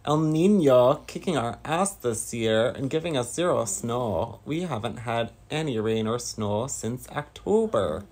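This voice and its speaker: A man from Northern California chatting casually with his stream viewers, slow and rambling. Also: medium pitch, lively intonation, a little mellow. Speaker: livestreamer.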